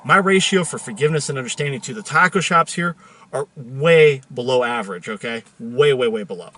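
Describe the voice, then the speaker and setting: A man hosting a show, telling a story in a car in a chatty, joking, animated way. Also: mid-range voice, fairly quick. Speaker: host. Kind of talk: casual storytelling monologue.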